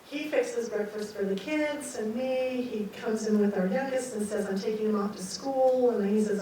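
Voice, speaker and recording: An older woman giving a talk, telling a personal story in an animated way, acting out what she thought and laughing along. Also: fairly high pitch, moderate pace, hardly any pauses. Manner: animated, acts out her own quoted thoughts and laughs. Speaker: guest speaker. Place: meeting room at a talk. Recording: very echoey hall, mic far off, faint hiss.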